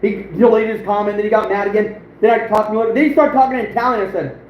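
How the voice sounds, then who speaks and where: Male livestream host, high voice, boastful rambling chatter with frequent chuckles, recorded in a roomy space over faint background noise. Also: steady tone, quick pace. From United States. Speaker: outdoors channel host, livestreaming. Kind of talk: casual livestream chat.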